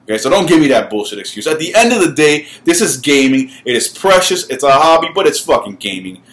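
A man's voice: fairly high pitch, very animated, brisk, fairly bright tone. A man who runs a gaming channel, ranting to camera in a heated, profane way and repeating his words when he gets worked up. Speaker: gaming YouTuber. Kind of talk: ranting vlog.

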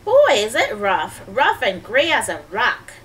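A woman's voice: fairly high pitch, huge pitch swings, measured pace, a bit bright, distant mic, full character voice. A woman voicing an eager, cheerful young girl in a storybook read-aloud, her lines lifted and upbeat.

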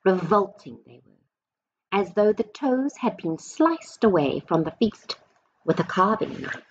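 A woman, possibly a teacher, reading a storybook aloud to children slowly and expressively, with dramatic emphasis. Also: medium pitch, sing-song, muffled recording, a little hiss or hum.

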